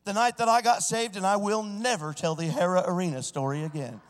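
High-voiced preacher, long church reverb. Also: male voice, fairly even intonation, brisk. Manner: preaching with sudden swells into shouting. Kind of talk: sermon.

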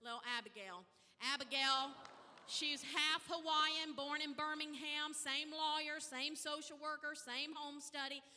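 Woman pastor, high and very bright voice, animated storyteller, reverberant hall. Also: a little slow. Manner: animated storytelling, acting out dialogue. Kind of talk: testimony sermon.

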